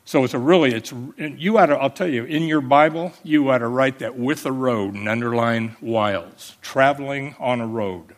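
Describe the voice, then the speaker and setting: A pastor preaching a sermon, emphatic, calling out for amens and slowing down to explain Bible words. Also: male voice, mid-range voice.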